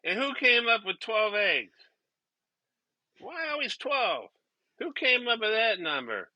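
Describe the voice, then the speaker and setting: A man playing an awkward amateur stand-up comedian who chuckles at his own weak jokes and clears his throat nervously. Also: high-pitched, big pitch swings, takes it slowly, bright, forceful tone, no room sound, exaggerated voice, rough recording. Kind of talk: comedy sketch stand-up bit.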